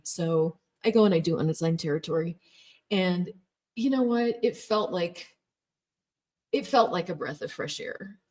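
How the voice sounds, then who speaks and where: A woman's voice: fairly low pitch, a little slow, a little mellow. A woman telling her personal story in an emphatic, emotional way, recounting hard years with the odd laugh. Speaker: former Jehovah's Witness telling her story.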